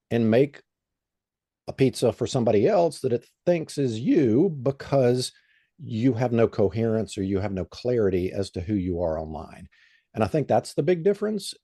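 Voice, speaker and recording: A man's voice: medium pitch, mellow, husky, dry recording, studio quality. A man who is a guest on an interview show, explaining in a plain, conversational way with frequent "um" and "you know.". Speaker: guest expert.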